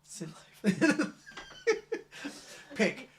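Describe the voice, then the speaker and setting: A man hosting a relaxed conversation with a fellow pastor. He keeps things friendly and chatty, nodding along and laughing easily. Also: slight background noise. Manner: affirming, chatty, quick to laugh. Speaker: interviewer and youth ministry pastor. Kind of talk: casual interview conversation.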